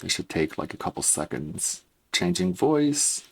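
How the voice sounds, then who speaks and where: Slow, low-voiced male streamer. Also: wildly swooping pitch, vocal fry, breathy edge. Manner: laid-back, mumbling asides to himself. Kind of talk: casual live-stream chat.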